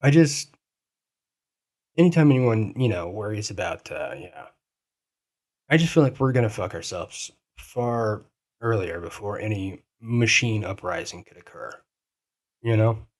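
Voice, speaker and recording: A man's voice: on the low side, lively intonation, measured pace, pauses often. Teasing, rambling podcast guy. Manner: teasing, rambling, swears freely. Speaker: podcast co-host. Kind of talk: casual chat.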